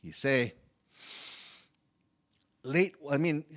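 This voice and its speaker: A man's voice: medium pitch, animated, extremely slow, a bit bright. A storyteller playing a humble Chinese immigrant man. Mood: wistful. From Hawaii. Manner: broken immigrant English. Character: male Chinese immigrant laborer, humble and good-humored. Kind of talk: first-person character storytelling.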